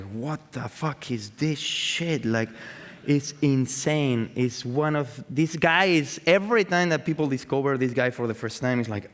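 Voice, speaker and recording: A man with as his gives a live talk about his art, swearing freely and piling up fillers, false starts and repeated words. His voice sits at a middle pitch and carries a long reverb from a large event hall. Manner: profane, excitable, full of fillers and restarts. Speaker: artist giving a talk.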